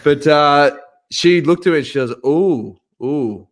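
A man co-hosting a casual podcast, telling a story with lively acted-out voices. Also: a little high, moderate pace, a little hiss or hum. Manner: animated, acts out voices in his stories. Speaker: podcast co-host.

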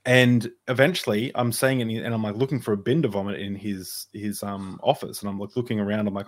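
Rambling low-voiced man. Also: brisk, hardly any pauses. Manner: rambling, with many restarts and self-deprecating asides. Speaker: podcast co-host. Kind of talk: casual conversational storytelling.

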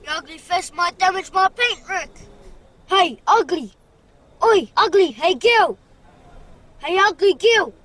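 A cheeky talking car in a squeaky, very high voice, heckling slowly and with drawn-out taunts. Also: male voice, expressive, sharp tone, heavily acted. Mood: taunting. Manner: heckling, insulting.

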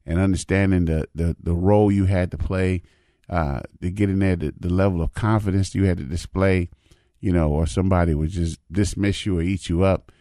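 A man's voice: low voice, fairly even intonation, fairly quick, warm tone, no room sound, studio quality. A man in his fifties telling folksy personal stories in a casual, repetitive way, often adding "man" and "you know what I mean". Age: 50s. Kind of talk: casual storytelling monologue.

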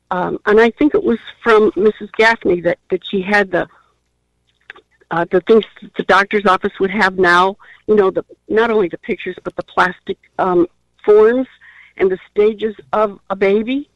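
An older woman calling in by phone, speaking haltingly with many pauses and fillers. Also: medium pitch, no room sound. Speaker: caller. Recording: dull phone-line sound.

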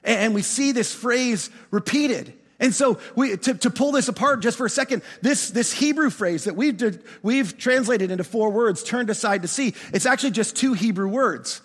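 A man preaching a sermon as pastor, animated, often restarting words and asking his congregation questions. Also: very high-pitched, normal speed, hardly any pauses, in a large hall.

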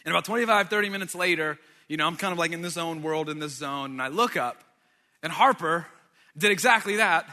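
Pastor, man, 30s, bright and slightly high, ribbing the audience mid-sermon; reverberant hall. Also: fairly quick. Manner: joking asides to the audience. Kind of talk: sermon storytelling. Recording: long reverb of a large hall.

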